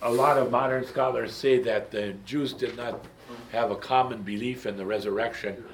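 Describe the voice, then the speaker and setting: A man leads a Bible study in a lecture style, at a mid-range pitch. He muses along, stops for frequent ums and wanders into asides. His voice rings back from a roomy, echoey space. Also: steady tone, moderate pace, a little hiss or hum.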